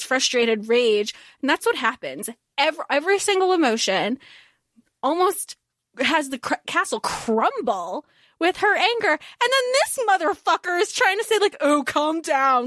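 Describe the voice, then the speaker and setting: A woman's voice: high voice, fairly bright tone, dry recording, studio quality. A woman co-hosting a podcast, retelling a book's plot in casual, heated chat and swearing freely. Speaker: podcast co-host. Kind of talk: casual book-discussion chat.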